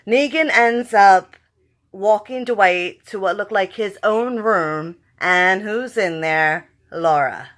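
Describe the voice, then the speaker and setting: A woman giving a casual, rambling episode review in a vlog, talking excitedly and swearing freely. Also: medium pitch, takes it slowly. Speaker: TV show reviewer.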